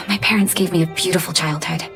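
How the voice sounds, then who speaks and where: Brief: soft-spoken young woman for a game cutscene, lowish voice, music underneath. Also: fairly even intonation, brisk. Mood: wistful. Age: young adult. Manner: soft, reflective, sighing. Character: gentle grown-up orphan woman, heartfelt.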